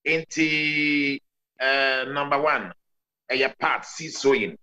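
Ghanaian pastor guy on a zoom call, sharp bright voice, numbering his points like a sermon. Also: medium pitch, very slow, poor audio. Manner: preaching explanation, counts points, mixes Twi and English. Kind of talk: interview guest answering by video call. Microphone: video call.

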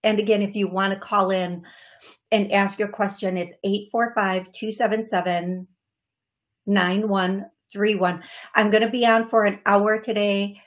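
A woman's voice: mid-range voice, level tone, unhurried. Chatty woman hosting a call-in show. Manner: chatty and friendly, greets viewers by name; speaks in short bursts with frequent fillers and restarts. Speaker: psychic medium host of a call-in show. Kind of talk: casual live-show chat.

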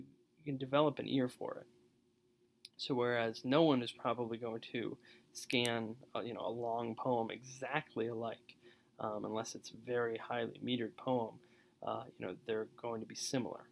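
A man's voice: mid-range voice, creaky, a little hiss or hum. A man giving a casual poetry lecture, rambling with lots of fillers and small laughs.

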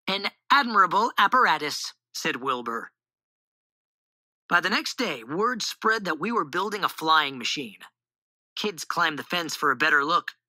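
A woman reading a children's storybook aloud in an animated, expressive way on a close mic. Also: low-pitched, no room sound, poor audio.

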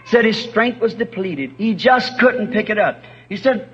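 A man with a high, husky voice preaches with fervent, impassioned conviction, his words climbing into urgent cries. He sounds like an old-time revival preacher in a church. The sound is muffled and dull, like an old tape recording of a sermon. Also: expressive, normal speed.

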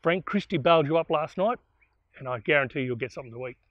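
A man putting on a bold bushranger, generous and cheerful. He talks in an easygoing, confiding way, in a somewhat high voice. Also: expressive, quick pace, no echo, lo-fi sound, lightly acted.

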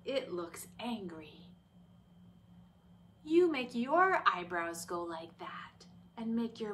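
A woman teacher speaks slowly and gently to young children, sometimes dropping into a whisper and then singing along. Her voice is bright with a lively rise and fall. She sounds a little far from the mic, with soft music in the background. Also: medium pitch, a little hiss or hum. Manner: slow, gentle, with some whispered lines. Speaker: special education teacher. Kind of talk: children's lesson.

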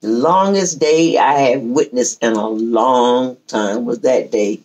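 A woman's voice: extremely low pitch, takes it slowly. A woman telling a family story in casual chat, acting out what each person said. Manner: lively storyteller who acts out quoted speech. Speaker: host.

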